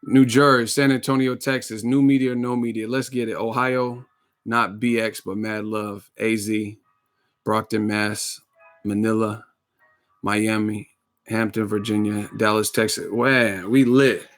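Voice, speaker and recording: A man hosting a boxing live stream, hyped and slangy, rattling off quick shout-outs in casual chat. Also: fairly low pitch, flat delivery, faint music behind. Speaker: boxing channel host.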